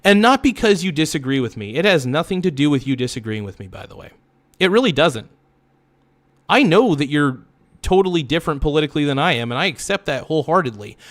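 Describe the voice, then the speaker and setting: Man hosting a livestream, heated swearing rant, stop-start restarts, slightly high voice. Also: very animated. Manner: halting restarts and self-corrections. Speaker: livestream host. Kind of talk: livestream monologue.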